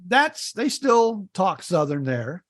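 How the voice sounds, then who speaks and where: Taking his time, a middle-aged man from Indiana co-hosts a podcast with a high, very animated voice. He tells folksy stories in relaxed conversation and often repeats words at the start of his lines.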